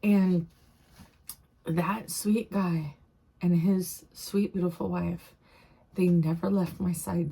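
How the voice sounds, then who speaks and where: A middle-aged woman vlogger recounting a personal experience in a halting, emotional way, often repeating her phrases. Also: lowish voice, creaky, warm tone, slightly rough.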